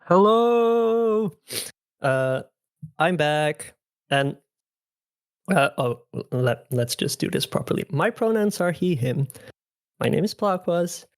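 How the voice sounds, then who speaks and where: A man's voice: on the high side, takes it slowly, long pauses, no room sound, studio quality. A young man chatting on a podcast as returning guest host, rambling with many fillers. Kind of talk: casual podcast chat.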